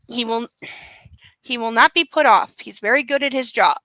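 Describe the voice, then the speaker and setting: Brief: young woman host, bright and a bit high, sarcastic reader with loud asides. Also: normal speed, no echo, rough recording. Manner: sarcastic, emphatic outbursts. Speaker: livestream host reading aloud. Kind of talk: sarcastic book reading with commentary.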